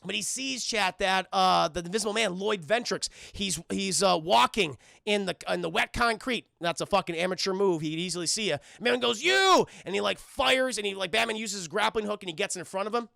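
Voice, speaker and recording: An excitable man recapping a cartoon for his live chat, swearing freely and talking straight to viewers. His voice sits high and bright with a gravelly crackle, recorded dry and close. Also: a little fast, hardly any pauses, dry recording. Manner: excitable, profane, keeps addressing chat. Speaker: streamer reviewing a cartoon. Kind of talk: live-streamed episode recap.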